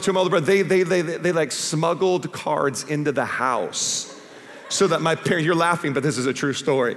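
A man preaching a sermon as pastor, animated and humorous, asking the congregation questions. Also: a little high, big-room sound. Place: church stage before a live congregation.

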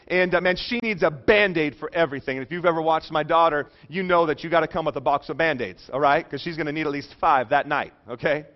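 A man's voice: sits high, muffled recording. A man in his thirties preaching a sermon in a conversational, joking way, often checking in with his listeners. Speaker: pastor.

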